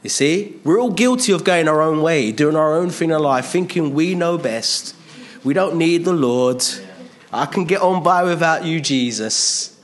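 A man's voice: a little high, expressive, unhurried. A man preaching a sermon in a conversational way, stressing points by repeating phrases.

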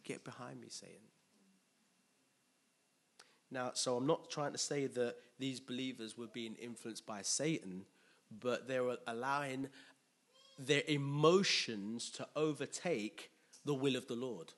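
A man preaching a sermon with animated, emphatic delivery and call-and-response. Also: mid-range voice, measured pace.

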